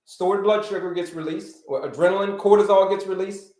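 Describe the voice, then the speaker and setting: A man's voice: high-pitched, fairly even intonation, brisk, mellow, roomy sound. A man hosting a livestream health lesson. He teaches with energy, repeats his key points and greets viewers by name. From United States. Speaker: health coach, livestream host. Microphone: livestream setup.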